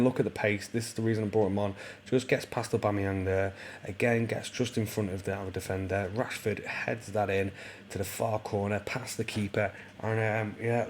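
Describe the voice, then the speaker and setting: A man giving casual let's-play commentary on a football management game, rambling with lots of ums and bursting into excited play-by-play. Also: low-pitched, slight background noise. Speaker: gaming YouTuber.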